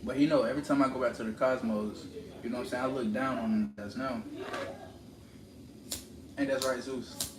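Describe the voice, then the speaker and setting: A livestreamer speaks at normal speed in a medium-pitched voice, pausing often as he rants in a preachy, confrontational monologue. He repeats lines for emphasis. Roomy echo and steady background noise mark the recording.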